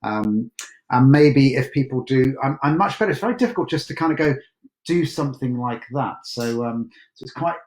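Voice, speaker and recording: A man's voice: medium pitch, expressive, normal speed. Chatty self-mocking man in echoey room. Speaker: host. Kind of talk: casual Q&A chat.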